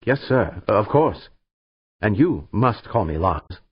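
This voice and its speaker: A man's voice: on the low side, sing-song, slow, husky, no echo, highs cut off, exaggerated voice. A man voicing a stiff, earnest young scientist with a reedy voice and a precise, learned Midwestern American accent, formal and overly polite.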